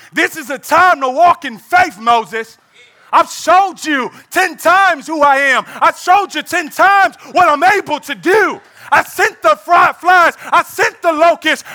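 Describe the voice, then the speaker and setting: A man's voice: extremely high pitch, pushed and bright, exaggerated voice. A man voicing a stern male God who lectures and insists, reminding his prophet of what he can do. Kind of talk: sermon role-play.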